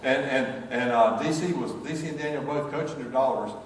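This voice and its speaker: Older Southern preacher in an echoey hall. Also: male voice, mid-range voice, fairly quick, a little hiss or hum. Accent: Southern American. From North Carolina, USA. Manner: folksy, rambling, with many restarts. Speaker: pastor. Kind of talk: sermon with personal stories. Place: church sanctuary. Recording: echoey church hall, mic far off, faint ambience.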